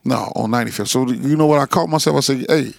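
Profane man telling a story, gravelly. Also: medium pitch, fast talker, no room sound. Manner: profane, animated storyteller acting out scenes. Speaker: podcast co-host. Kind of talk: casual chat, storytelling.

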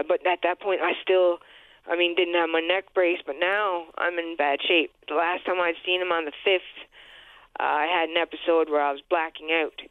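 A woman in her forties calling in to a radio show, halting and hesitant with many restarts, distressed. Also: deep voice, no room sound. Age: 40s. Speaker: caller. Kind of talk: call-in radio. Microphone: phone line. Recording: tinny phone line.

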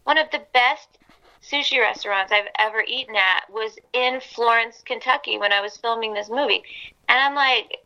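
A young woman from Atlanta chatting as an interview guest, animated and talkative, full of "like". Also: fairly high pitch, normal speed, smooth, poor audio. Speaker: guest actress. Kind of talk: casual interview chat.

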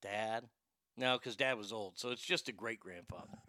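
Blunt, rambling male host with a bright voice. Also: on the low side, moderate pace, dry recording, clean studio sound. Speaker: show host. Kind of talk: casual livestream commentary reading chat.

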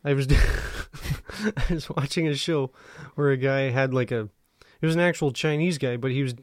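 A man co-hosting a comedy podcast, rambling through stories and laughing often between quick jokes. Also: mid-range voice, no echo. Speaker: podcast co-host. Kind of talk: casual comedy chat.

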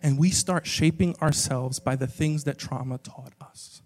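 A young man preaching a sermon to a live audience, talking casually with many "like"s and swinging between quiet stretches and loud emphatic bursts. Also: a little high, unhurried. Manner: casual and conversational, peppered with "like". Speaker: pastor. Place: live church auditorium with an audience. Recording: long reverb of a large hall.

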